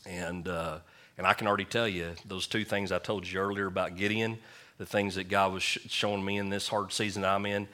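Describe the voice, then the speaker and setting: A man's voice: deep voice, level tone, brisk, bright, forceful tone. A man preaching a sermon, telling a funny story in a folksy, humorous way. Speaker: pastor.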